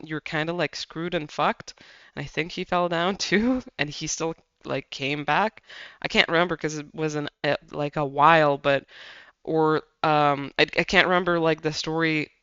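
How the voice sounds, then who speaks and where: A tarot reader giving a casual pick-a-pile reading, chatty and excitable, swearing freely. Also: mid-range voice, clear, resonant tone, no echo, highs cut off.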